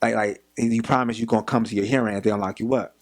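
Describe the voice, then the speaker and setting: This young man from Philadelphia, a podcast guest, talks fast in a fairly low voice. He tells a story casually and acts out the voices of the people in it, making the retelling animated.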